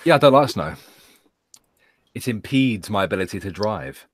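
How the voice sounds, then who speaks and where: A man from England chatting with friends on a stream, gruff and swearing, quick to laugh. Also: on the low side, animated. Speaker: stream guest. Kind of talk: casual chat among friends.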